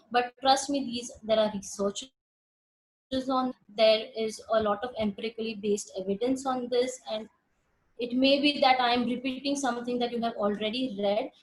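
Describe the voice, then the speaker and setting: A woman's voice: on the high side, fairly bright tone, low-quality recording. A woman psychologist with an Indian English accent giving a webinar lecture on a video call, earnest and emphatic, often repeating words as she rephrases.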